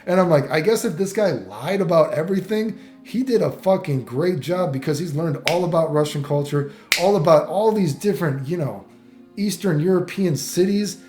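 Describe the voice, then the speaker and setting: A man talks loosely to camera, swearing often and circling back with "you know what I mean". His mid-pitched voice rings around a roomy space. Faint music plays underneath. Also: moderate pace, darkish tone. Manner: rambling, profane, many fillers and restarts. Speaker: vlogger. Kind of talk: casual rambling commentary.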